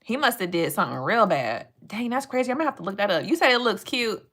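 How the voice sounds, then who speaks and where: A woman's voice: medium pitch, very animated, fast talker, a bit bright. A young woman chatting playfully with her live-stream chat and reading animal facts aloud.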